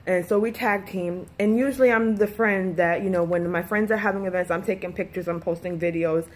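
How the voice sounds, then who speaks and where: A woman's voice: lowish voice, fairly even intonation, brisk. A woman vlogging in a candid, rambling personal way, with many fillers and restarts, sometimes close to tears. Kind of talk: casual personal vlog talk.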